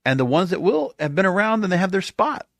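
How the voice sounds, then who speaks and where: A man's voice: high-pitched, big pitch swings, quick pace, creaky, dry recording, studio quality. Exasperated man ranting on a podcast. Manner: sarcastic, exasperated, rhetorical questions. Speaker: wrestling podcast host. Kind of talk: opinionated solo podcast rant.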